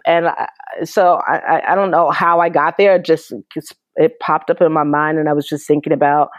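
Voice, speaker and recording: A woman's voice: low-pitched, flat delivery, moderate pace, dry recording. A woman guest in an interview, telling her story in an earnest, emotional way with frequent restarts. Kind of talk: conversational interview.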